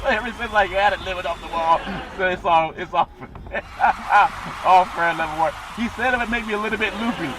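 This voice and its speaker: A man's voice: high-pitched, background noise. A man hosting a solo sports podcast, rambling and jokey with sing-song asides.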